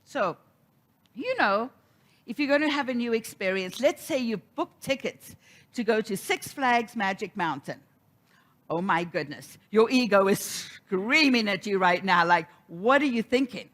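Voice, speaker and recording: A woman's voice: medium pitch, lively intonation, unhurried, a bit bright. A middle-aged woman giving a sermon, telling a personal story and acting out the quoted voices. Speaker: minister.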